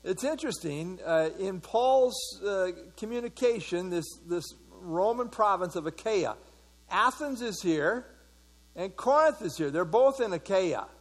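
A man's voice: high voice, lively intonation, unhurried. A man leading an evening Bible study, talking conversationally, full of fillers and putting questions to the audience. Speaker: pastor.

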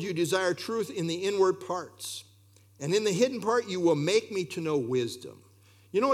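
A man preaching a sermon, expressive and full of rhetorical questions, with occasional fillers. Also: high-pitched.

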